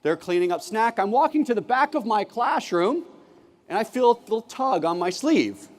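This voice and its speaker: Keynote speaker, man, high and very lively voice, acts out every line of dialogue, big hall with long reverb. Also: moderate pace. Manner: animated, acts out classroom dialogue. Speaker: keynote speaker, former teacher. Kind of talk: conference keynote storytelling. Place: large conference hall.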